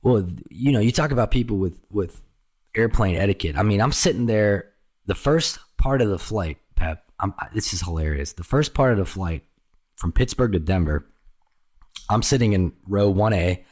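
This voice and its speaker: A man with a somewhat low voice tells stories in casual conversation. He is animated, jumps into other people's voices and swears freely. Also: moderate pace. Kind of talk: casual storytelling chat.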